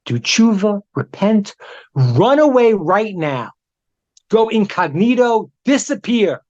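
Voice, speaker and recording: A man's voice: high-pitched, big pitch swings, slow pace, darkish tone, dull audio, pitched above the performer's own voice, heavily acted. A man voicing a wise old sage who gives firm instructions, in a told story.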